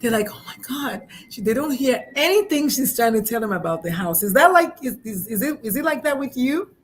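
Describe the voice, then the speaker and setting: Excitable woman podcast host. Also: fairly high pitch, a little fast, a little hiss or hum. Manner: excitable, animated, lots of restarts and quoted voices. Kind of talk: casual chat.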